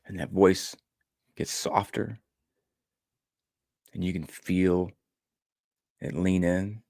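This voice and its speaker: Speaking slowly with long pauses and little pitch movement, a middle-aged man with a fairly low, darkish voice recounts a personal story as a motivational speaker. He's earnest and emotional, relying on repeated phrases. The sound is close, dry, and echo-free.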